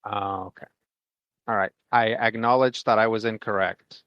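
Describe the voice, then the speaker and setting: A man's voice: lowish voice, steady tone, normal speed, dry recording, highs cut off. A man playing in a tabletop game, talking casually and hedging his words with "like". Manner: hedging, lots of "like". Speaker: player.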